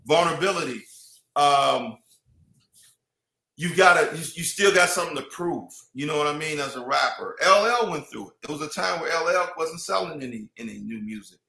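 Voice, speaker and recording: A man's voice: a little high, expressive, normal speed, gravelly, sharp tone, echoey room, rough recording. A man in casual podcast chat, rambling with many restarts and "you know what I mean".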